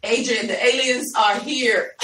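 A woman from Ohio, USA, hosts a live podcast, chatting casually with listeners, calling them y'all, and laughing easily. Her voice is high-pitched with a sharp tone. The room is echoey, she sounds distant, and there's a little hiss or hum.

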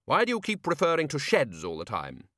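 A man voicing a blustering, overbearing male wizard who leads a university, in a booming, bellowing voice. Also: wildly swooping pitch, brisk, fairly bright tone, dry recording, clean studio sound.

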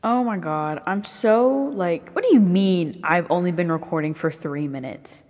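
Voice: medium pitch, unhurried, a little mellow, big-room sound. A young speaker in their twenties with a Southern US accent, rambling casually and swearing often while moving around their bedroom. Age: 20s. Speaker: vlogger.

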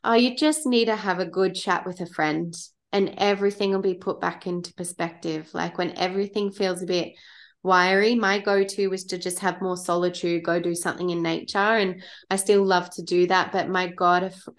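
A woman's voice: fairly low pitch, fairly even intonation, normal speed. A woman hosting a podcast, asking questions and encouraging her guest in a friendly, affirming way. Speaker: podcast host. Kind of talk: casual interview chat.

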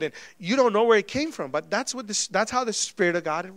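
Casting note: male pastor with a high voice, preaching casually with sudden loud and soft swings, dry close sound. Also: animated, brisk, hardly any pauses, no echo. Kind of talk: sermon.

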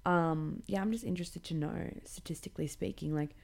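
A woman's voice: fairly low pitch, fairly quick, gravelly. A young woman hosting a podcast, ranting casually with lots of swearing, filler "like"s and sarcasm. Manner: swears a lot, many likes, animated and sarcastic. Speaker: podcast host.

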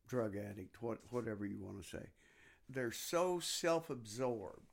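A man with a mid-range voice hosts an interview-style podcast. He asks his guest questions and keeps up soft murmurs of agreement while she talks. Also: mid-range voice, gravelly. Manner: attentive, asks questions, frequent backchannels. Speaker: podcast host.

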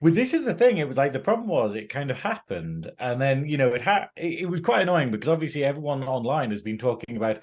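A man's voice: medium pitch, sing-song, quick pace, few pauses. Laughing northern English man co-host. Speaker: podcast co-host. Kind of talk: casual review chat.

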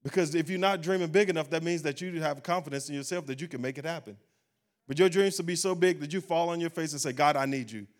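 A man's voice: fairly high pitch, fast talker. A man, a pastor preaching a sermon at a church service and closing in a rising, fervent prayer.

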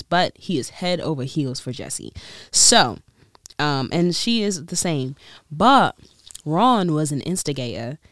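A woman's voice: sits low, smooth, no echo, clean studio sound. A woman chatting casually in a solo vlog, rambling, restarting and laughing as she goes. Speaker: vlogger.

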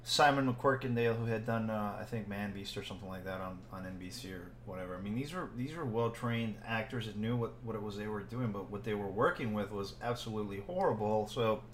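A man's voice: on the low side, fairly quick, few pauses. A man co-hosting a casual movie podcast, rambling through a film recap with frequent laughs. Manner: rambling, laughs often, animated when joking. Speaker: podcast co-host. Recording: echoey room with faint ambient noise.

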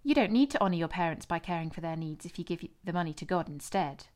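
Jesus: earnest, authoritative male teacher, voiced by the female narrator, firm and steady. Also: lowish voice, fast talker, natural voice.

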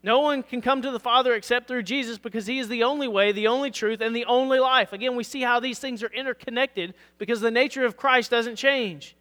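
Pastor, male, hoarse, earnest sermon delivery, bright tone in a reverberant sanctuary. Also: very high voice, a little fast, hardly any pauses. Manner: earnest preaching, reads scripture aloud, asks "All right?". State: losing his voice.

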